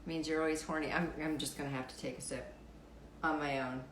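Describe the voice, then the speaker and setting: A woman with a deep, raspy voice hosting a casual live stream, reading out fun facts and viewer comments in a wry, playful way, swearing freely. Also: fairly even intonation, brisk, a bit bright, reverberant, a little hiss or hum, rough recording.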